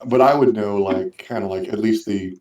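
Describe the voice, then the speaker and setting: A man's voice: fairly low pitch, normal speed, warm tone, roomy sound, far from the mic, muffled recording. A man playing in a tabletop game, chatting loosely and asking questions. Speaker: player. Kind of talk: casual tabletop game chat.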